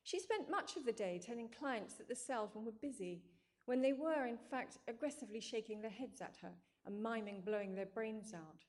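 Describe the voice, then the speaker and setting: A woman reading fiction aloud in a calm, measured, dryly wry way. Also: a little high. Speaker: narrator. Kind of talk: scripted narration.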